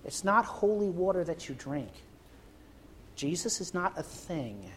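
A man preaching a sermon in a church, retelling a scripture story with acted-out voices and sudden shifts from loud to hushed. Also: high voice, a little slow, a little hiss or hum. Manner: animated, acts out voices of the story. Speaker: pastor. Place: church sanctuary.

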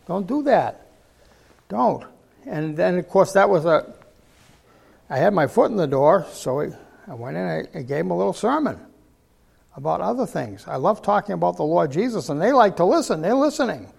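A man's voice: sits high, big pitch swings, normal speed, vocal fry, pauses often, a little mellow, slightly rough. An older man preaching a sermon, telling folksy stories and repeating words for emphasis.

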